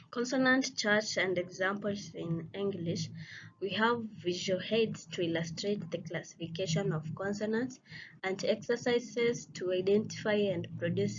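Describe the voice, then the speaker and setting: A woman teacher reads a phonetics course outline in a slow, careful, halting way, often breaking off to restart a word. Her voice sits at a middle pitch. The recording is a bit dull and lo-fi, with a faint hiss behind her. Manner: slow, halting reading with frequent restarts on words.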